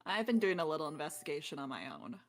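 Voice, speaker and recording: A woman's voice: low-pitched, big pitch swings, fast. A woman voicing a blunt, teasing tavern woman. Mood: casual. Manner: casual, teasing, swears offhand.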